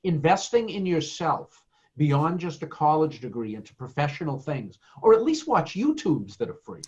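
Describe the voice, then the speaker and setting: A man's voice: a little high, sing-song, normal speed, a little mellow, highs cut off. A middle-aged man giving earnest, emphatic career advice as a guest in a podcast interview, with plenty of fillers. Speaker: guest speaker.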